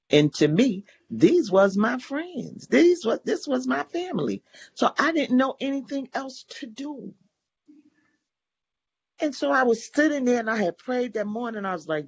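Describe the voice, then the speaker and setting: A woman's voice: a little high, lively intonation, unhurried, slightly rough. A woman in her forties giving an emotional personal testimony at a recovery meeting, acting out the dialogue in her story. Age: 40s. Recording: dull lo-fi recording.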